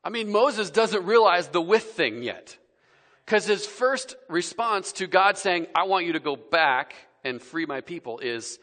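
A man preaching a casual, conversational sermon, swinging between loud emphasis and quiet, soft passages. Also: sits high, animated, unhurried. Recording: long reverb of a large hall.

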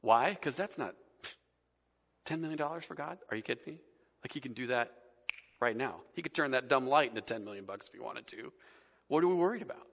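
A man preaching a casual, conversational sermon, swinging between loud emphasis and quiet, soft passages. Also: mid-range voice, expressive, a little fast, gravelly, long pauses. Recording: long reverb of a large hall.

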